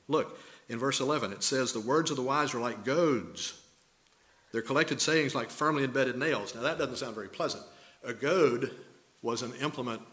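An older man delivers a sermon at an even, middle pitch. He speaks as a pastor, working through scripture with folksy stories and rhetorical questions to his listeners.

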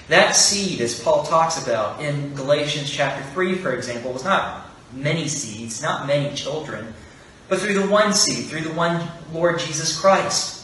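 A man's voice: a little high, lively intonation, moderate pace, a bit bright. A man preaching an earnest sermon, asking rhetorical questions and acting out quoted speech. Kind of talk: expository sermon. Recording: very echoey room, voice from far off, faint background noise.

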